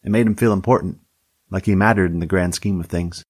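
A man's voice: deep voice, steady tone, brisk, darkish tone, husky, no room sound. A man narrating a story in a dry, wry storytelling manner.

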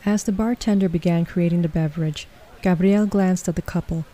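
A woman reading a story aloud in a calm, even way. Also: on the low side, a little fast. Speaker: narrator. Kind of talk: storybook narration.

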